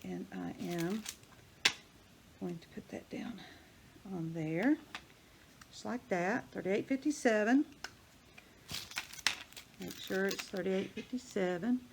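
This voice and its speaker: An older woman with a drawl talks casually through a hands-on craft demonstration. She rambles and thinks out loud as she works, in a medium voice, with faint noise behind her. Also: mid-range voice, takes it slowly, creaky, pauses often. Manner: chatty, rambling, thinks aloud while working. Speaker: crafting vlogger.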